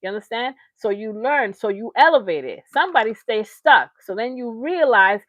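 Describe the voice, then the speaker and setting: A woman's voice: on the high side, animated, moderate pace, few pauses, fairly bright tone, no room sound. A woman hosting a livestream reaction show, ranting in heated, slangy, emphatic commentary.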